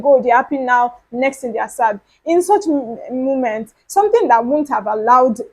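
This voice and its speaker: A woman with a fairly high voice talks on her own podcast in a casual, chatty way. She speaks earnestly and comes back to her points again and again to stress them. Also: husky, rough recording. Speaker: podcast host. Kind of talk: casual solo podcast talk.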